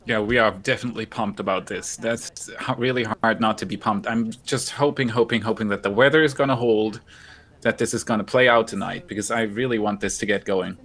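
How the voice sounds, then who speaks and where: A man with a fairly low voice, co-hosting a live stream in a loose, casual way. He chats and reads viewer comments aloud as they come in. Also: fairly even intonation, fairly quick, fairly bright tone. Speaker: livestream co-host.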